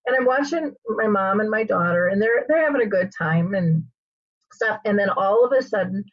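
A woman hosting an interview, an animated storyteller who uses frequent fillers, on a dull lo-fi recording. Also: mid-range voice, normal speed, dry recording. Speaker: host.

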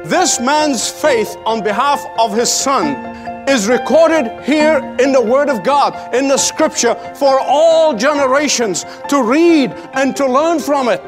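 Male preacher, high and animated, emphatic sermon delivery with faint music bed. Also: takes it slowly. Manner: emphatic, rhetorical questions, repeats for stress. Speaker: pastor and Bible teacher.

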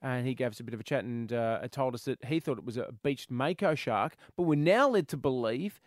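A man's voice: mid-range voice, brisk, no echo, clean studio sound. A man hosting a comedic radio show, bantering and joking. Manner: jokey, puts on a mock southern drawl. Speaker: radio host.

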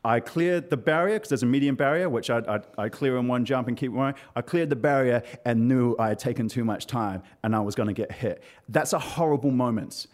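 A man telling a personal story on stage, animated and self-mocking, with frequent filler sounds. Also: mid-range voice, fairly quick, hardly any pauses.

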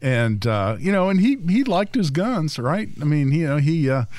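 A man's voice: on the high side, very animated, moderate pace, darkish tone, no room sound. Man, fill-in radio co-host, emphatic, stammering, dry studio sound. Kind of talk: casual talk-radio banter.

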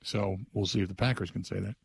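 Husky-voiced male sports radio host. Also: sits low, steady tone, fast talker, no room sound. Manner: loose, rambling storytelling, invites listener calls. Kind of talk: conversational sports radio talk.

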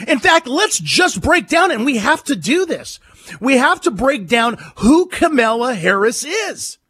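A man's voice: very high voice, big pitch swings, measured pace, fairly bright tone, breathy edge, dry recording. A man hosting a political talk radio show, emphatic and mocking, who repeats his points and hammers them home.

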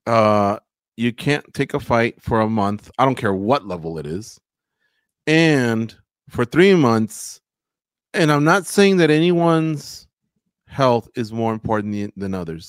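A man's voice: lowish voice, smooth, dry recording. A man hosting a casual sports talk show, chatty and opinionated as he recaps fight results. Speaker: podcast host.

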